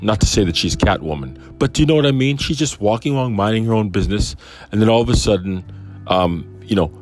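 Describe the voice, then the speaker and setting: A man's voice: fairly low pitch, animated, fast, faint music behind. A man teaching on a Bible passage in a casual, musing way, asking lots of rhetorical questions.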